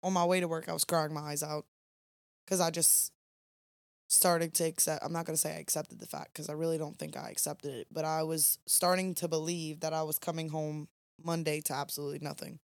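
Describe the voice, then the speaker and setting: A woman's voice: low-pitched, little pitch movement, a little fast, dry recording. A young woman, co-hosting a podcast late at night and telling a long rambling story in casual chat. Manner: chatty, rambling, Southern "y'all" phrasing. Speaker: podcast co-host.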